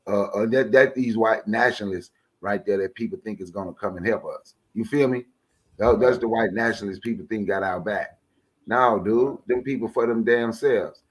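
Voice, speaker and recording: A man's voice: fairly low pitch, moderate pace. A man co-hosting a casual radio talk show, blunt and emphatic, his voice rising when he gets heated. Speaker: co-host.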